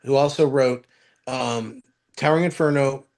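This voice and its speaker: A man's voice: mid-range voice, a little slow, vocal fry, a little mellow. A man co-hosting a podcast, chatting casually and listing movie trivia with frequent stumbles and restarts. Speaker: podcast co-host. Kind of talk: casual chat about movies.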